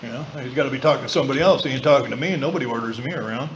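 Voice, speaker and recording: A man speaking at a recovery meeting, telling his story in a blunt, colloquial way with some swearing and quick impressions of other people. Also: medium pitch, slight background noise, low-quality recording. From southern California. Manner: mimics voices of others in quoted lines. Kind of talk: personal recovery talk. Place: meeting room.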